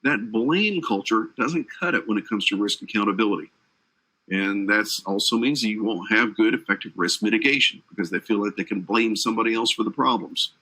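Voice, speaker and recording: A man's voice: on the low side, brisk, sharp tone, poor audio. A man instructor giving a live online training lecture, chatty and joking with his audience between points. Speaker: certification exam instructor. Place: based in Atlanta.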